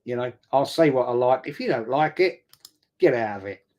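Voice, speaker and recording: A man's voice: medium pitch, animated, moderate pace, a little mellow, dull audio. A man hosting a football watch-along live stream, reading viewer comments and answering them bluntly and combatively, with frequent swearing.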